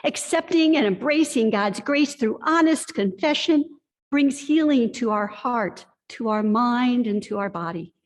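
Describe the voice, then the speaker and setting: A woman pastor giving a sermon, telling a personal story with earnest, confessional warmth. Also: a little high, lively intonation, a little slow. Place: church sanctuary. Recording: long reverb of a church hall.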